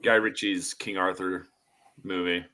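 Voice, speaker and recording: A man co-hosting a casual comic podcast, joking and sometimes halting as he talks. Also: low voice, flat delivery, bright, forceful tone. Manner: jokey, puts on mock British voices. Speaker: podcast co-host.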